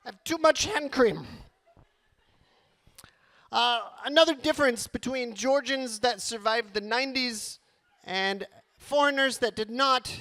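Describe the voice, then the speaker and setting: A man doing a stand-up comedy set on a club stage, animated and rattling off long lists quickly. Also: very high-pitched.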